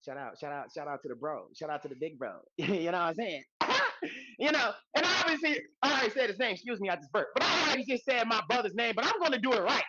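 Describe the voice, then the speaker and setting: A man co-hosting a podcast in casual chat, talking loud and hyped, with slangy, profane banter and shouted intros. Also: high-pitched, lively intonation, fast talker, highs cut off, background noise. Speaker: podcast co-host.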